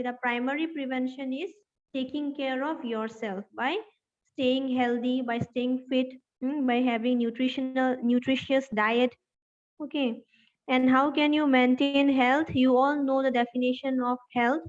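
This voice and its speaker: High-voiced woman teacher dictating notes. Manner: dictates notes slowly, spelling words letter by letter; asks the class questions. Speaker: health teacher. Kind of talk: classroom lecture with dictation. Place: classroom. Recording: dull lo-fi recording.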